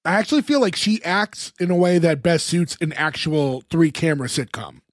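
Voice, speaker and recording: A man's voice: fairly high pitch, moderate pace, dry recording. A man co-hosting a podcast, casually recapping a TV episode in a rambling way full of fillers. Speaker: podcast co-host.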